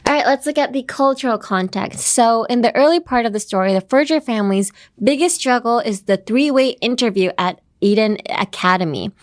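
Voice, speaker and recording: A woman's voice: fairly high pitch, fairly quick, few pauses. Woman, podcast English teacher, playful and teasing, bilingual asides. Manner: playful, teasing, laughs often; switches between English and Japanese.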